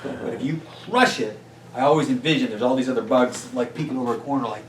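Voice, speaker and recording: A man giving an energetic motivational talk as a business coach to a small group, often checking in with "right?". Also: mid-range voice, quick pace. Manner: energetic, peppers points with "right?". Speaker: business coach and guest speaker. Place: meeting room with a small audience. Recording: roomy distant sound with faint noise.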